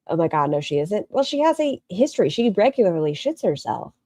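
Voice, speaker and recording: A woman's voice: on the low side, very animated, brisk, warm tone, dry recording, clean studio sound. A woman making snarky reaction commentary on a video, mocking it and swearing freely. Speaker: commentary streamer.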